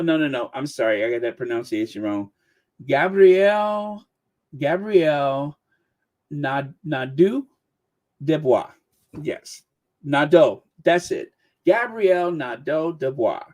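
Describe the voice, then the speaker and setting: A man's voice: mid-range voice, darkish tone. A man in his sixties, hosting a livestream with casual, joking commentary. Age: 60s. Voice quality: chatty, joking, frequent laughs. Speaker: channel host.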